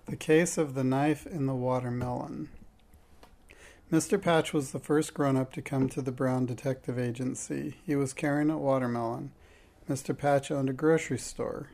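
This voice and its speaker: A man reads a children's detective story aloud in a plain, steady way. His voice has a gravelly edge at a middle pitch. Now and then he trips over a word and corrects himself. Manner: plain steady reading with slips and self-corrections. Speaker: reader. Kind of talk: reading a children's mystery aloud.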